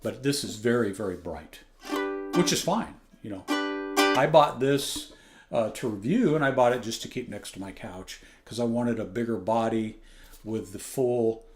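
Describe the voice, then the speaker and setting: A man of middle pitch talks through a ukulele review in a loose, unscripted way. He rambles, restarts his sentences and gets keen about what he hears. Ukulele plucking sounds behind him. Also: animated, normal speed, faint music behind. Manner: rambling, self-correcting, enthusiastic. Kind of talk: casual spoken product review. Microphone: external phone microphone.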